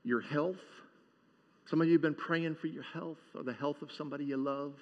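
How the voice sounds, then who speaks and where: Man, pastor, sermon, higher voice, conversational jokes, dull sound, long church reverb. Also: fairly quick. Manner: conversational and joking, asks the congregation for responses.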